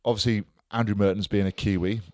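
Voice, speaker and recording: A man's voice: lowish voice, fairly even intonation, quick pace, a little mellow, no echo, studio quality. A man co-hosting a podcast in jokey, teasing casual banter. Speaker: podcast co-host.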